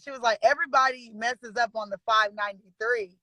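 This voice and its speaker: Bright, chatty woman on a video call. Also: on the high side, fairly even intonation, moderate pace, low-quality recording. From Sacramento, California. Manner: chatty and giggly, retells scenes with quoted dialogue. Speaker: caller and student signing agent. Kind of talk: casual chat on a video call.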